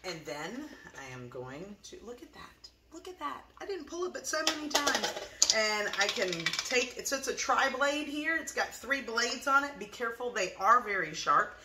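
A woman's voice: on the high side, big pitch swings, moderate pace, echoey room, noisy background. A woman chatting to her viewers as she demonstrates a one-pot recipe in her kitchen. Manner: chatty, talks to viewers while cooking. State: teary from onion. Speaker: cooking demonstrator. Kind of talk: casual cooking demo.

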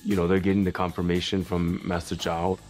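Low-voiced guy narrating his own documentary, earnest and candid, bit self-deprecating. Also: level tone, brisk, darkish tone, soft background music. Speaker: documentary host training at a temple.

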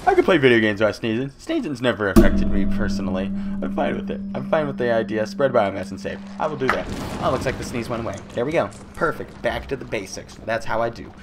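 A man giving playful let's-play commentary, goofy and taunting, with sudden loud outbursts. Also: medium pitch, big pitch swings, fast, heavy background noise. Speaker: gameplay commentator.

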